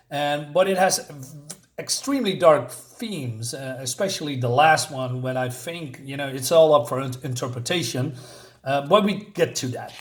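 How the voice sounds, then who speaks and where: A man's voice: a little high, expressive, normal speed. Rambling man reviewing a comic. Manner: rambling, with many fillers and chuckles while retelling the plot. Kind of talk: casual review talk.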